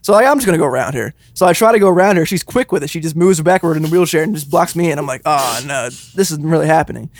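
A man co-hosting a podcast, telling a story in casual chat, animated and swearing freely as he laughs along. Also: a little high, quick pace, hardly any pauses, no echo. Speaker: podcast co-host.

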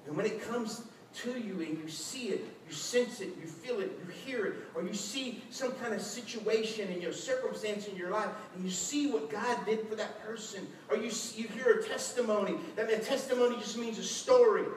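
A man preaching a lively sermon as a pastor, acting out quotes with shouts and laughter. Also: high-pitched, normal speed, few pauses. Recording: echoey hall, distant mic, faint noise.

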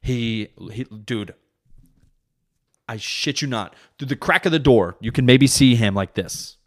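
A man's voice: mid-range voice, animated, moderate pace. A comedian and podcast host, a father, telling a rambling story in casual, profane, self-correcting chat.

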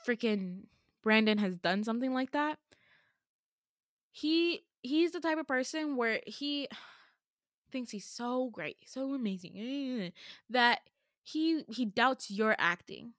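A young adult woman hosting a podcast, telling a personal story in an emphatic, animated way and swearing freely. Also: fairly high pitch, measured pace, no echo, studio quality. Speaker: podcast host.

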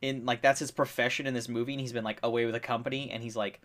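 A young man chatting casually as a podcast co-host, rambling with lots of fillers, getting excited and swearing freely. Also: medium pitch, very fast. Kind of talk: casual chat.

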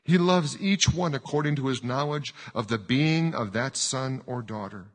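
A man voicing a calm, wise woman. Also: medium pitch, voice pushed up, lightly acted. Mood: probing. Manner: slow, quiet, gently probing. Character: calm wise woman confronting a grieving father. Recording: long hall reverb.

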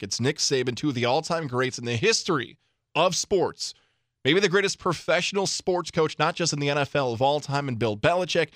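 A man co-hosting sports talk radio, energetic and emphatic in quick banter on a studio microphone. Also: fairly high pitch, no echo.

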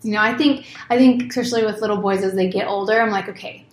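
Woman in her thirties, candid chat, lively, swears casually, echoey room. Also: medium pitch, quick pace. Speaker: podcast co-host, mother. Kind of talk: casual conversation.

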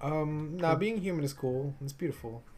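A man's voice: a little high, moderate pace, darkish tone, soft background music. A young man co-hosting a casual chat podcast, laughing often and swearing freely in a loose, joking way. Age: young adult. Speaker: podcast co-host.

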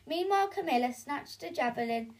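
A woman reading a children's story aloud, animated and adding sound effects, sometimes stumbling over the words. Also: sits high, a little fast. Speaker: reader.

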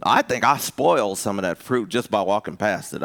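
A man preaching a live sermon, conversational and full of restarts, rising to high emphatic peaks. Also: lively intonation, moderate pace, gravelly, fairly bright tone. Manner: conversational with repeated restarts and rhetorical asks. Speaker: pastor.

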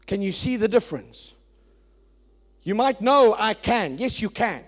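High-voiced preacher, emphatic. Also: male voice, expressive, normal speed. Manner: emphatic preaching, swings from loud to quiet. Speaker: pastor. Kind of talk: sermon.

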